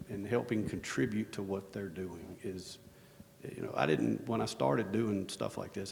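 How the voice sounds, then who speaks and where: A man with a very gravelly, low voice tells stories on a conference stage. He talks in loose, rambling runs full of "you know" and jokes at his own expense. The long ring of a large hall follows his words. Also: darkish tone, a little hiss or hum. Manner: rambling, self-deprecating, lots of restarts and "you know". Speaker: conference speaker, operations executive. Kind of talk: casual storytelling on stage. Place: conference hall stage under bright lights.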